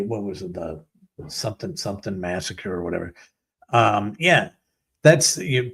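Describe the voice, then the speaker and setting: A man with a low, gravelly voice and a husky edge rants as a talk show host. He rambles sarcastically and sounds exasperated. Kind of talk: ranting commentary.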